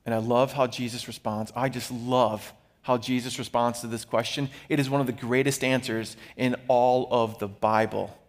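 A man preaching a sermon as a pastor, animated, acting out the Bible figures he quotes. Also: medium pitch, long reverb tail.

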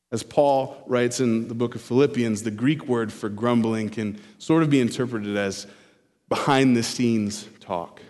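A man's voice: medium pitch, a little mellow. Man preaching in a reverberant hall. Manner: expository preaching, repeats key phrases slowly for emphasis. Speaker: pastor. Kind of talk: sermon.

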